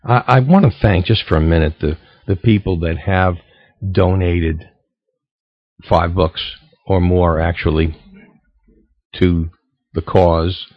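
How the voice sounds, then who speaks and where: A low-voiced man hosts a radio show in an earnest, casual way, often stumbling over his words. The sound is dry and a little dull, like a lo-fi studio recording. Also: no room sound. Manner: earnest, halting, repeats words as he pleads for support.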